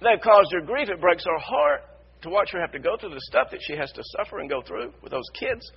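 A man preaching a sermon as pastor, repeating his phrases and building to loud emphasis. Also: high-pitched, lively intonation, fairly quick, creaky, slightly rough, highs cut off. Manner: repetitive, builds to shouted emphasis. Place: church sanctuary.

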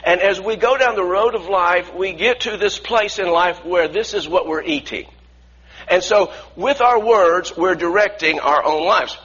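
A man's voice: sits high, a little slow, fairly bright tone, slightly rough, highs cut off. A man preaching a sermon earnestly, often restarting phrases and asking the congregation to repeat lines after him.

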